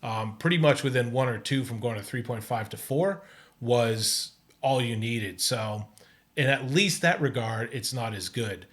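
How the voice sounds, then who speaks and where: A man's voice: mid-range voice, fairly bright tone. A man hosting his own video, thinking aloud in casual commentary with many stops and restarts. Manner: halting, many restarts and fillers. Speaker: host testing an AI music tool. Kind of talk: casual screen-recorded commentary.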